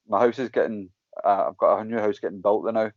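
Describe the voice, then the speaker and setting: A man's voice: lowish voice, quick pace, dry recording, dull audio. A Scottish man, a mixed martial arts fighter, chatting casually as a guest, telling stories with lots of swearing and acting out what people said. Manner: animated storytelling, frequent swearing, acts out quotes. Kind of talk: casual chat.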